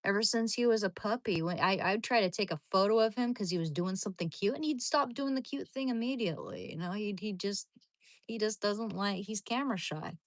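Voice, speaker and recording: A woman's voice: mid-range voice, a little fast, dry recording. A woman chatting casually to her live stream audience from home, rambling along with many restarts. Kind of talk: casual livestream chat.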